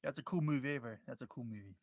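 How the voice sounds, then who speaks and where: This New Zealand-accented artist talks very fast in a medium-pitched voice while drawing on a livestream. He's easygoing and talkative, casually chatting and calling his audience bro.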